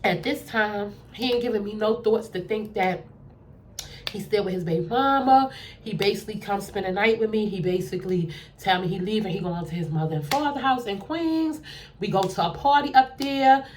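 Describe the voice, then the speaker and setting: A woman's voice: medium pitch, normal speed, slight background noise. A woman telling a casual story, acting out the conversations and checking in with the listener. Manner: animated, acts out both sides of conversations. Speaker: storyteller vlogger.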